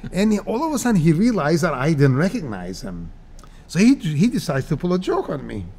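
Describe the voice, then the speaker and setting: A man in his sixties from Cyprus, telling stories as a guest in a casual interview, animated and laughing often. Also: a little high, moderate pace, slightly rough. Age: 60s.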